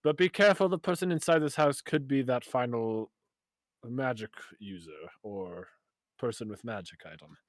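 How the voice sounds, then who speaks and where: A man voicing a calm, guarded male character in a tabletop game. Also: mid-range voice, normal speed, no echo, pitched below the performer's own voice, close to an everyday voice. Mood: measured.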